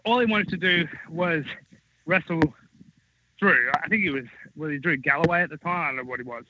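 A man's voice: fairly high pitch, brisk, background noise. A man who works as a wrestler tells a rambling, profane backstage story in casual podcast chat, on dull lo-fi podcast audio. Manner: rambling, profane, animated anecdote-telling. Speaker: wrestling talent recounting backstage stories.

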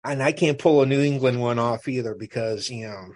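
A man's voice: mid-range voice, a little fast, darkish tone. A man from the American Midwest co-hosting a podcast, chatting casually and reading aloud, often hesitating and repeating words. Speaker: podcast co-host.

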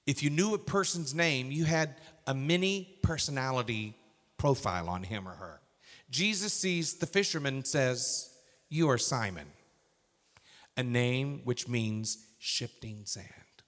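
A male pastor preaching a sermon, swinging from hushed whispers to loud, emphatic bursts. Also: mid-range voice, big pitch swings, moderate pace. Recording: reverberant hall.

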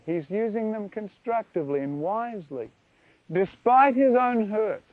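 A man preaching a sermon in an animated, wondering way, often asking his listeners questions. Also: high voice. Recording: dry tinny phone-like archive recording.

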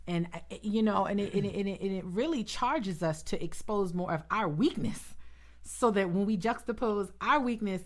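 A woman co-hosting a casual faith discussion. She is animated, laughs often and gets openly worked up as she talks. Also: medium pitch, normal speed. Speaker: podcast co-host.

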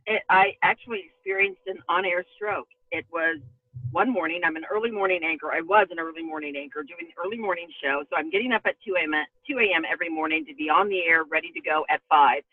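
A middle-aged woman, a former news anchor, telling her own story as a guest in an emphatic, expressive way. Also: on the low side, fast talker, no room sound. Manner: emphatic and expressive, voice rising with feeling. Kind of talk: personal storytelling in a podcast interview. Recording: tinny phone-line audio.

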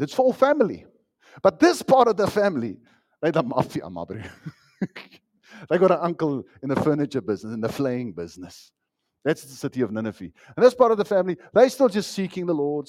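A man preaching a sermon as pastor, with an animated delivery that swings between loud emphasis and hushed asides. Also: a little high, normal speed, long pauses.

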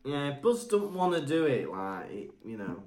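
A man's voice: medium pitch, big pitch swings, moderate pace, a little mellow, a little hiss or hum. A man co-hosting a comedic podcast, playful and laughing often as he riffs. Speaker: podcast co-host. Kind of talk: comedic book-discussion podcast chat.

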